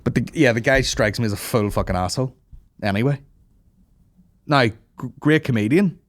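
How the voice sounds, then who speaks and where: A man, hosting a comedy podcast in a profane rant, mocking people in loud put-on voices. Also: mid-range voice, moderate pace, no room sound, clean studio sound. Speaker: podcast host.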